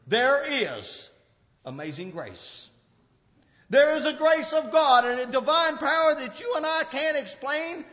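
A male preacher giving an impassioned sermon, swinging from loud outbursts to low murmurs. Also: steady tone, normal speed, hardly any pauses. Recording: dull lo-fi recording with long hall reverb.

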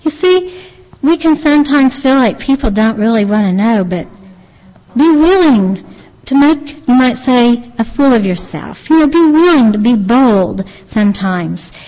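A woman earnestly retelling a religious testimony as a lay preacher, halting and restarting her sentences. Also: fairly high pitch, lively intonation, warm tone. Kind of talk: devotional storytelling. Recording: long reverb, dull lo-fi sound.

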